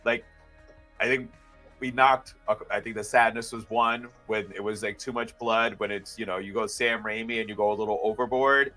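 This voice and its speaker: A man's voice: fairly low pitch, fairly even intonation, moderate pace, pushed and bright, faint music behind, rough recording. A man hosting a live horror movie review, talking loosely and handing questions to his co-host. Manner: loose, enthusiastic, hands off questions. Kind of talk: casual live review chat.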